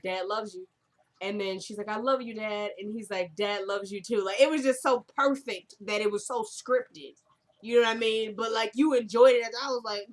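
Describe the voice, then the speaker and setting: A woman casually recapping a TV drama episode, chatty and full of fillers, acting out the characters' lines as she retells scenes. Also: a little high.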